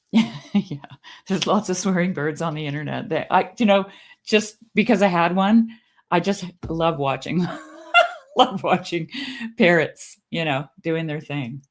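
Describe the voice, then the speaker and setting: A middle-aged woman, a guest, telling stories in a casual, animated way, often laughing and acting out what others said. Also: a little slow. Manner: animated, laughing storyteller who acts out quotes in a varied pitch. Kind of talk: casual conversational storytelling.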